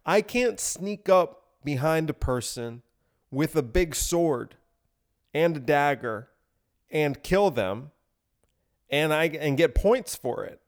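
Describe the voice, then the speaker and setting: A man's voice: a little high, lively intonation, slow pace. A young man hosting a podcast, telling a rambling comedic story, repeating himself and laughing at his own bit. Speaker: podcast host. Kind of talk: casual comedic monologue.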